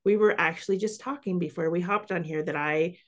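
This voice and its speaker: A woman in her forties hosting a podcast, speaking in a relaxed, confiding way. She muses aloud and shares stories of her own. Her voice sits somewhat low for a woman. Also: fairly quick. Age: 40s. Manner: reflective, confiding, chatty. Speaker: podcast host. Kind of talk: casual chat.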